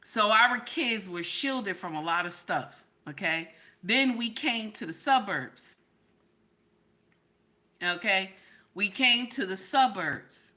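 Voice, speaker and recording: Woman host, bright and forceful tone, emphatic, repetitive reaction commentary. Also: mid-range voice, lively intonation, slow. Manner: emphatic, repeats "okay?" to drive points home; talks to her chat directly.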